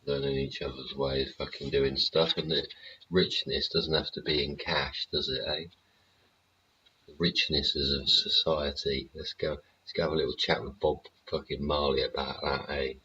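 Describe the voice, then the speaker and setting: A man's voice: very deep voice, flat delivery, normal speed, bright, forceful tone. A man hosting his show in a casual, rambling rant, swearing freely and tossing in tag questions. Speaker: show host. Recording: dull lo-fi recording.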